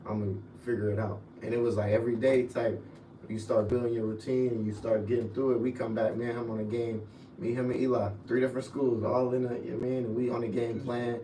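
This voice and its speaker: A young man talks through his college football memories in easygoing slang. His voice sits at an ordinary pitch and often sinks quiet. He is heard from a little away in an echoey room with a faint hiss behind him. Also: little pitch movement, fast. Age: young adult. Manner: laid-back storytelling with slang, drifts low and quiet. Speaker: former college football player, guest. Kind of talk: casual podcast chat. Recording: echoey room, mic at a distance, faint noise.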